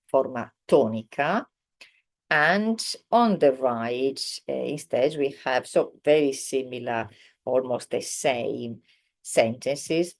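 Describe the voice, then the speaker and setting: A woman's voice: extremely low pitch, a little mellow. A woman teaching a beginners' online language lesson, explaining patiently with many ums and self-corrections. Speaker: Italian teacher.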